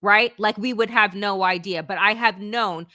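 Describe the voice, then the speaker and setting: A woman's voice: mid-range voice, moderate pace, pushed and bright, dry recording, clean studio sound. A woman hosting a live political talk show, speaking in an impassioned, conversational way and reading news reports aloud. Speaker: host.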